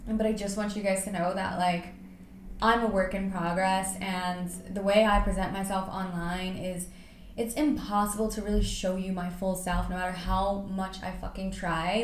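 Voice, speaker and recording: A young woman talking openly on her podcast, loose and chatty, full of fillers and the odd curse word. Her voice carries a roomy echo, with a faint hiss in the background. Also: mid-range voice. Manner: chatty, filler-heavy, swears casually. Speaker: podcast host. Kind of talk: casual solo podcast talk. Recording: echoey room with faint hiss.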